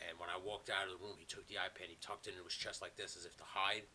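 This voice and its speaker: A man hosting a podcast from home, telling a long story in a casual, animated way with plenty of swearing. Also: low voice, racing, a little hiss or hum, rough recording. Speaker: podcast host. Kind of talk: casual chat. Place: home, video call. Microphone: remote call mic.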